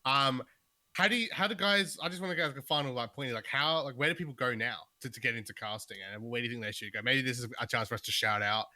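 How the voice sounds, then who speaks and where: Fast, bright Australian podcast host. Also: male voice, medium pitch, no echo. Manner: hype, loud play-by-play energy. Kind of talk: casual podcast chat.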